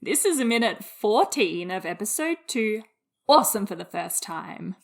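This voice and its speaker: A woman co-hosting an anime podcast in casual chat, gushing, giggly and excitable. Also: mid-range voice, moderate pace, vocal fry, soft background music. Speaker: podcast co-host.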